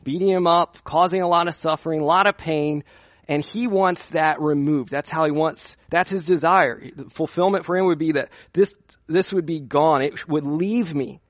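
A man's voice: on the high side, moderate pace, no room sound. A young man preaching at a youth conference in a conversational way, asking his listeners questions as he teaches. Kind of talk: sermon.

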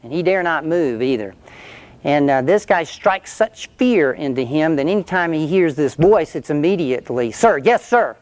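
A man's voice: on the high side, lively intonation, normal speed, darkish tone, no echo. A male preacher telling an illustration story in a conversational sermon, then leading a prayer.

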